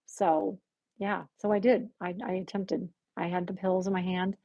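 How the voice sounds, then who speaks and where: A woman guest on a podcast telling a personal story in conversation, animated and acting out the voices she quotes with gasps. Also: fairly low pitch, normal speed, creaky, no room sound, dull audio.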